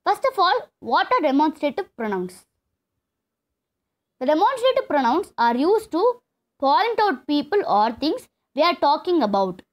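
A woman's voice: high voice, very animated, a little slow. A woman teaching an English grammar lesson, explaining step by step and repeating key terms. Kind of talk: classroom lesson.

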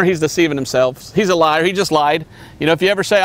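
A high-voiced male evangelist delivers a sermon. He preaches emphatically, leaping up on exclamations and sinking low to drive points home. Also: a little fast, fairly bright tone. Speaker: missionary evangelist.

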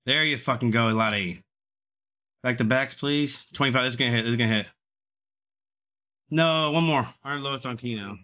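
Male streamer, tense forceful tone, profane running commentary on his own gambling. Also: mid-range voice, normal speed, long pauses. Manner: profane, swings between begging and cursing. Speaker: livestreamer.

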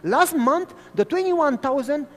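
A man from Romania preaching a sermon as a pastor, telling stories in an animated way. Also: very high-pitched, a little slow. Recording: long hall reverb.

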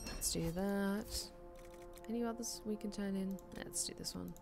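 A woman's voice: medium pitch, steady tone, measured pace, gravelly, over music. A woman streaming a video game, chatting casually with her viewers and swearing freely as she plays. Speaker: streamer and hobby voice actor. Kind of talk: casual live-stream chat while gaming.

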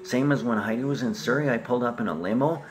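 A man's voice: medium pitch, quick pace. A man talking in a long rambling monologue, swearing freely and jumping from topic to topic.

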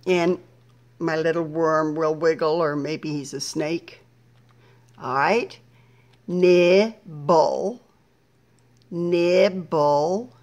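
A deep-voiced, middle-aged woman teaches young children a slow, patient phonics lesson, breaking each word into syllables.

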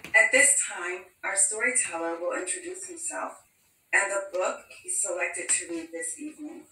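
A woman's voice: medium pitch, lively intonation, normal speed, bright, forceful tone, a little hiss or hum. A woman giving a cheerful, formal scripted welcome for a hospital event. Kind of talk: scripted introduction. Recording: echoey room from far off.

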